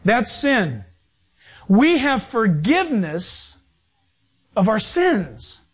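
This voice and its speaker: A man preaching a sermon as pastor, emphatic and animated, with sudden shifts in pace. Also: high-pitched, very slow, husky.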